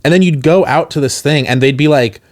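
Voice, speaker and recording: A man's voice: a little high, a little fast. A man on a casual podcast, co-hosting and telling a long rambling story, often laughing between his words. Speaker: podcast co-host. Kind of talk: casual chat.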